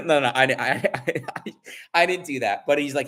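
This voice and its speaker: A man in his forties chatting casually to his livestream viewers, rambling, restarting often and telling an animated story. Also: on the high side, a little fast. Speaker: livestream host.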